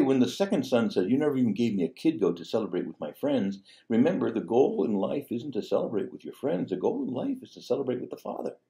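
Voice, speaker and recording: A man's voice: on the low side, vocal fry, warm tone. A man, a priest, teaching a parable in a conversational sermon style, full of rhetorical questions and asides. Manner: conversational, peppered with "you know" and "see?", rhetorical questions.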